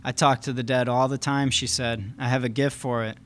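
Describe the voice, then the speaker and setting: Man voicing a self-assured woman medium, teasing, sales-pitch tone, storybook reading. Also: level tone, brisk, a bit bright, a little hiss or hum, close to an everyday voice. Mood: confident. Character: brash thirty-something woman medium.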